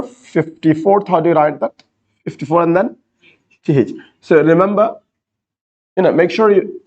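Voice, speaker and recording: Slow-talking man teaching a class. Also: fairly high pitch, darkish tone, lo-fi sound. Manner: repeats key words, explains step by step. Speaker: IELTS teacher. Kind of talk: classroom lecture.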